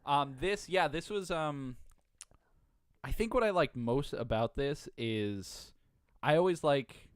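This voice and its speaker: A man's voice: a little high, expressive, takes it slowly, smooth, no echo, studio quality. A man co-hosting a casual podcast, rambling with fillers and frequent laughs. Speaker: podcast co-host. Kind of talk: casual chat.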